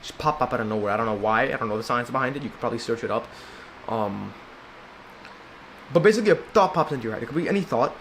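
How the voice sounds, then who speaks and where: A young man in a casual advice vlog, rambling and swearing a lot, full of filler and slang, and now and then mocking people in high squeaky put-on voices. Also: expressive, fast, a bit bright, a little hiss or hum. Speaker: self-help video maker.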